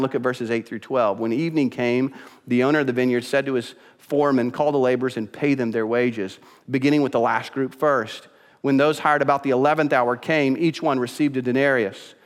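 A man preaching a sermon as pastor, telling the story with lively acted-out voices. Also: on the high side, in a large hall. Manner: acts out quoted voices, animated storytelling.

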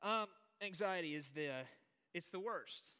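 A man's voice: high voice, unhurried, pushed and bright. A man youth pastor, giving a chatty, joking sermon full of fillers and restarts to a live audience. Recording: long hall reverb.

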